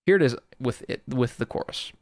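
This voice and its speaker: A slightly fast, somewhat mellow mid-range voice belongs to a music producer casually explaining sound design with lots of "sort of." He's close to a studio microphone, with a bit of background noise.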